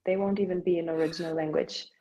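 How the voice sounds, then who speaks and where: A German-accented woman chats easily as a podcast guest, her voice warm and mellow and sitting a little low. She fills her sentences with "like" and thoughtful hums. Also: steady tone, fast talker, a little hiss or hum, rough recording. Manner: chatty, with frequent "like" and soft "hmm" fillers. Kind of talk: casual podcast chat.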